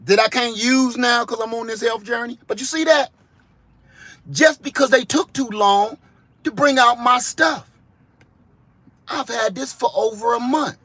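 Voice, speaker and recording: High-voiced man in a slangy comic rant. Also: unhurried, long pauses, no echo. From Ohio, US. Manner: animated, slangy storytelling. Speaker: vlogger. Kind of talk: comedic monologue.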